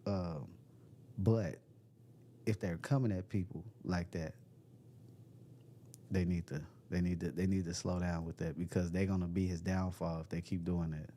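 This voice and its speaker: A man's voice: low voice, fairly even intonation, moderate pace, long pauses, warm tone, slight background noise. A man hosting a casual livestream, reading chat comments aloud, joking and laughing often, with loose slangy talk. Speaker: livestream host. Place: cold room at home.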